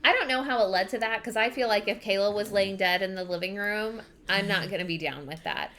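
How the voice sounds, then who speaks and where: A woman's voice: mid-range voice, a little fast, bright, forceful tone. A young woman hosting a book podcast, giving a chatty, rambling recap full of fillers. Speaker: podcast host.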